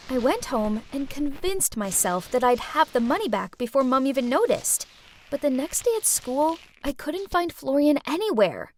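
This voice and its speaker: A woman's voice: high voice, sing-song, moderate pace, a little mellow, slight background noise. A woman telling a scripted first-person storytime in a chatty, dramatic teen persona. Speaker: storytime narrator.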